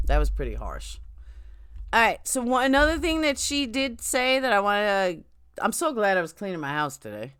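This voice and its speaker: Lively New York woman, lowish voice. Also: moderate pace, smooth. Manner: chatty, blunt, jumps between topics. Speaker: livestream host. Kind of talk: casual livestream chat. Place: home, indoors.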